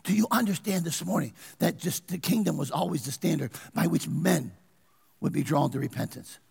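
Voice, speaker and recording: A man's voice: fairly high pitch, moderate pace, vocal fry, a little mellow, slightly rough, long reverb tail. A man preaching a sermon as pastor, asking his congregation questions and pressing his points. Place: church.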